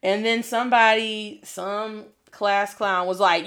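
A young woman teaches in a relaxed, conversational way, mixing slang with bits of Spanish. Her voice sits in a middle register, and she tells stories with lively, animated energy. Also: medium pitch, normal speed, few pauses. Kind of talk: casual spoken lesson with storytelling.

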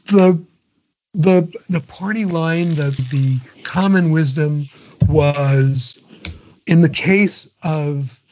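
A man's voice: fairly high pitch, drawn-out words, darkish tone. An older man, a guest in a casual interview, talking in a digressive way with many restarts and chuckles. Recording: dull lo-fi audio.

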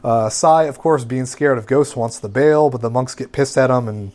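A man's voice: medium pitch, normal speed, a little mellow. A man with an ordinary mid-range voice talks through an episode recap in a loose, rambling way. He leans on fillers and restarts as he goes. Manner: rambling, filler-heavy summarizing. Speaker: podcast co-host recapping an anime. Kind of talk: casual recap chat.

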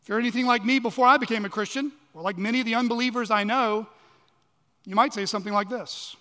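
High-voiced man preaching in a hall. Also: quick pace. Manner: dramatic preaching, swinging from loud emphasis to hushed lows. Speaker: pastor. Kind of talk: sermon. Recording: long hall reverb.

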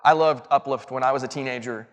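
A man's voice: mid-range voice, steady tone, quick pace. A man giving a church lesson in a chatty, self-mocking storytelling style that builds to emphatic points. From Southern United States. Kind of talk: storytelling sermon. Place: church auditorium. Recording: long reverb of a large hall.

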